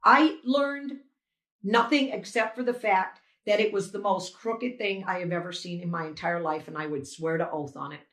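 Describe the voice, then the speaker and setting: Older woman, poll challenger testimony, animated and emotional, roomy echo on the voice. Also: medium pitch, normal speed. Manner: animated storytelling, acts out exchanges.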